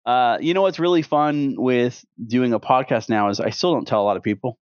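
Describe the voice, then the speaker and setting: A man's voice: medium pitch, brisk, clean tone, no echo. A man in his thirties co-hosting a podcast, talking casually with a rambling, opinionated manner and many restarts. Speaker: podcast co-host. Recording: dull, dry podcast audio.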